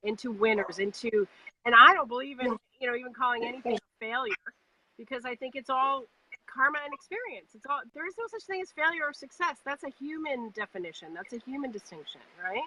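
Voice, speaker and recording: A woman's voice: sits high, expressive, brisk, pushed and bright, a little hiss or hum, rough recording. A woman hosting a podcast, speaking in a reflective, encouraging way. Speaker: podcast host. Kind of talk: casual heartfelt conversation.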